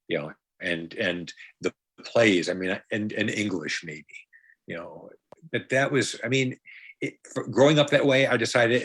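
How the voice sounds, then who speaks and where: A man from upstate New York speaks as a podcast guest in a somewhat low voice. He rambles in a loose, jokey way, often restarting his sentences and tossing in playful asides. The sound is dry, with no room around it. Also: a bit bright, no room sound. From Brighton, Rochester, New York. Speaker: guest, comedian and magician. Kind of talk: casual conversation.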